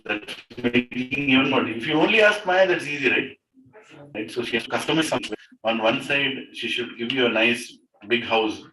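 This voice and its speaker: A man's voice: mid-range voice, fairly even intonation, moderate pace, bright, forceful tone. Man speaking to a gathering, roomy. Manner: conversational, asks the audience "right?". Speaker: devotional speaker. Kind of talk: storytelling talk to a gathering. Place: room in a private house. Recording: roomy, distant mic, faint noise.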